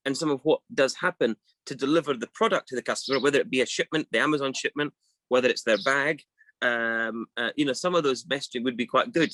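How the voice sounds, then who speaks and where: A man's voice: medium pitch, fairly bright tone, dry recording, rough recording. A middle-aged man co-hosting a casual weekly chat show, thinking aloud with many restarts and fillers.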